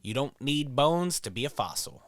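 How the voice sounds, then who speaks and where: A man's voice: medium pitch, big pitch swings, normal speed, no echo. A man giving casual, profane, joking commentary while playing a quiz video game, rambling into stories. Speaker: gameplay streamer.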